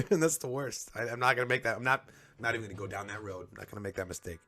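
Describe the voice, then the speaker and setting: A man's voice: lowish voice, steady tone, fast, fairly bright tone. A man chatting casually on a live stream as he reads comics aloud, dropping "like" often.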